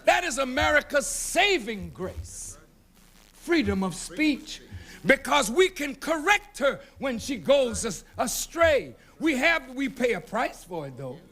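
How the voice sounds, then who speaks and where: A man delivering fiery public oratory in a strikingly high voice. He speaks with a preacher-like cadence, slow and deliberate, and swings widely in pitch as his words build to shouts. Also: big pitch swings. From United States. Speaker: award recipient giving a speech. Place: banquet hall at an awards dinner.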